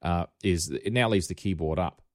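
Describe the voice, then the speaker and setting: Deep-voiced Australian man, wry and rambling. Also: moderate pace, no echo, clean studio sound. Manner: rambling, wry, self-correcting. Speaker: podcast host. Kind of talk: casual tech podcast chat.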